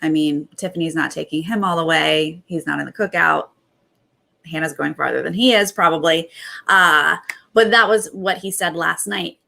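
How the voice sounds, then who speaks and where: A young adult woman hosting a casual recap, retelling events in animated bursts and quoting others. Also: low-pitched, normal speed, gravelly. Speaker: host.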